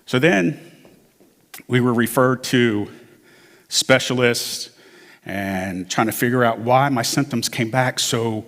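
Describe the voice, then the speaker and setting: Casting note: American man sharing his testimony from the front of a church, in a mid-range voice, relaxed and storytelling, with a long church reverb. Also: medium pitch, takes it slowly, long pauses. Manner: conversational storytelling, acts out quoted dialogue. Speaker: church member giving testimony. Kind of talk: personal testimony to a congregation. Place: church sanctuary.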